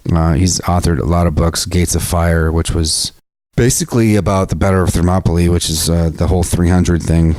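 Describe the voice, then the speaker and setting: Frank low-voiced man hosting a podcast. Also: fairly even intonation, brisk, a little mellow, dry recording. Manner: casual, frank, swears freely, many restarts. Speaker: podcast host. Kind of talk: solo podcast monologue.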